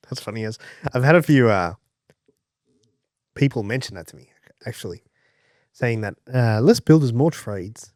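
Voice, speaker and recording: A man co-hosting a casual podcast, relaxed and quick to laugh, with some hesitant fillers. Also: lowish voice, no room sound, clean studio sound. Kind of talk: casual chat.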